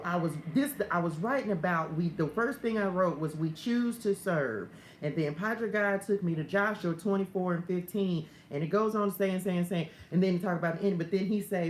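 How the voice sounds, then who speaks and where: Her voice is fairly low and darkish in tone. A faith coach leading a morning devotional, she talks casually to her viewers, laughing and going off on tangents before ending in prayer; faint ambient noise fills the echoey room.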